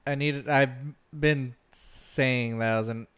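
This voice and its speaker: A laid-back man chatting on a podcast who talks slowly and laughs a lot. His voice is smooth and clear, and his sentences drift off into fillers. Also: medium pitch, fairly even intonation, fairly bright tone. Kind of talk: casual chat.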